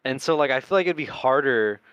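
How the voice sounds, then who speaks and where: Midwestern guy, casual co-host, animated pitch, filler-heavy, dry close sound. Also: brisk, smooth, no echo, dull audio. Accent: light Midwestern. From Michigan. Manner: filler-heavy, hesitant phrasing. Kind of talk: casual podcast chat.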